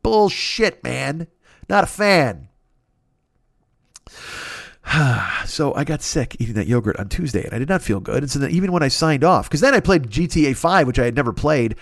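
A man's voice: fairly high pitch, sing-song, normal speed, gravelly, long pauses, dry recording, clean studio sound. A man hosting a podcast, telling a comedic story in a profane, ranting, self-mocking way. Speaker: podcast host.

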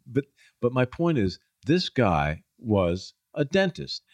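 A man's voice: medium pitch, big pitch swings, slow pace, no room sound. A middle-aged man, a guest in a casual conversation, telling stories and acting out the people he quotes. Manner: storytelling, acts out quoted people in a raised voice.

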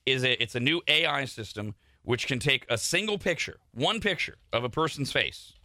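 A man's voice: medium pitch, animated, moderate pace, sharp tone, no room sound. A man hosting a talk radio show, explaining things bluntly and with opinion, on a studio microphone.

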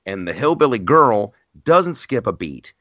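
A man's voice: medium pitch, unhurried, no echo, highs cut off. A man hosting a podcast, chatting casually and telling stories animatedly, often restarting his sentences. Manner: animated storyteller with frequent restarts. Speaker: podcast host.

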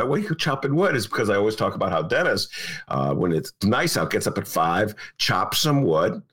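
Lively, bright-voiced older man rambling. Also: deep voice, slightly rough. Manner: rambling, emphatic, repeats himself. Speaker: podcast host and journalist. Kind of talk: casual chat.

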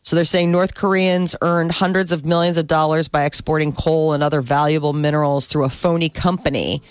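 A woman's voice: sits low, fairly even intonation, brisk, clean tone. A woman who reads the news on a morning radio show and then chats freely with her co-hosts. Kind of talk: casual morning radio chat.

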